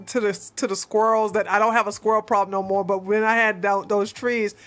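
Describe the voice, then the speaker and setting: Woman, livestream host, rambling casual chat, slightly high voice, bright tone, dry close sound. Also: dry recording. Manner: rambling, chatty, laughs often; reads and answers viewer comments.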